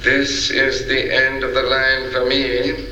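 A man's voice: mid-range voice, monotone, sharp tone. A man putting on a grave, drawling male voice for a show's sign-off line. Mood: solemn. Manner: very slow, drawn-out delivery. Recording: echoey, dull lo-fi sound.

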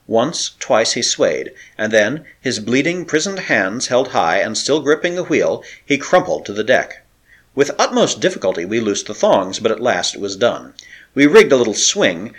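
A man's voice: on the low side, slightly rough. A man narrating an adventure story with a dramatic, varied delivery. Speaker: audiobook narrator.

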